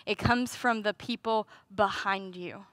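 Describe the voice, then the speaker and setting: A woman's voice: medium pitch, measured pace, fairly bright tone, dry recording. A woman preaching a sermon in a conversational way, with rhetorical questions and playful asides.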